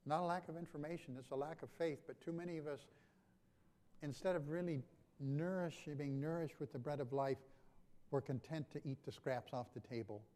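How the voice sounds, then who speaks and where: Preacher swinging from hushed to loud. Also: male voice, on the high side, fairly quick. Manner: swings from hushed to loud and emphatic, with repeated phrases. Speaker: pastor. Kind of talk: sermon.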